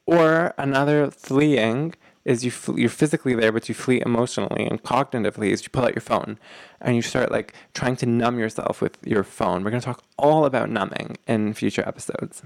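Gravelly man hosting a relationship podcast. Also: medium pitch, fairly even intonation, fairly quick, no room sound. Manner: casual, repetitive, acts out example quarrels. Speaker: podcast host. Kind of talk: instructional podcast monologue.

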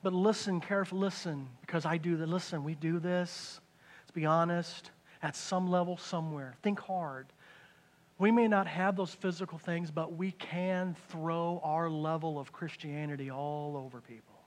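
A man preaching a conversational sermon, dropping into hushed asides and rising into loud excited bursts. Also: fairly high pitch, normal speed. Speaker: pastor.

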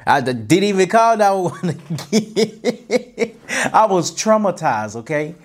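A man tells a personal story in a loose, animated style. His voice sits a little high, and he restarts lines and repeats himself as he talks. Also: measured pace. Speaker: host.

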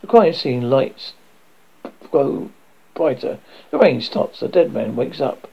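Gravelly man reading a script aloud. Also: medium pitch, lively intonation, takes it slowly, pauses often. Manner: plain reading of the stage directions. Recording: dull lo-fi recording.

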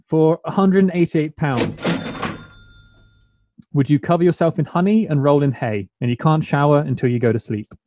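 A man's voice: a little high, normal speed, a little mellow. A male podcast host in a casual interview, teasing his guest with dares and bargaining over them.

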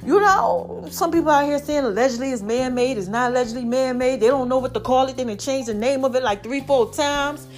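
A woman's voice: high voice, brisk, hardly any pauses, faint music behind. Chatty woman podcaster. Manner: chatty and animated, addresses listeners as "y'all" and "child". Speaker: podcast host. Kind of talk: casual motivational podcast talk.

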